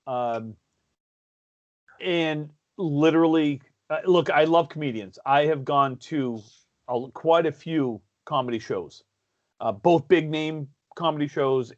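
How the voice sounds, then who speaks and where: A man's voice: on the high side, muffled recording. Rambling New podcast man. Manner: rambling, restarts, enthusiastic. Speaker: podcast co-host. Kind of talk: casual chat.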